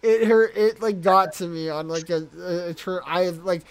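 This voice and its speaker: A man hosting a casual podcast chat, recapping excitedly with lots of swearing. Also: high voice, normal speed, clear, resonant tone. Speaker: podcast host.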